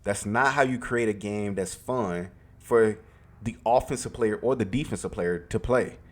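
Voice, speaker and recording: A man delivers an opinionated gaming rant straight to his audience, circling back to drive each point home. He swears casually and leans hard on key words, speaking in a somewhat low voice. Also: moderate pace. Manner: emphatic, repetitive, profane. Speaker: gaming commentator.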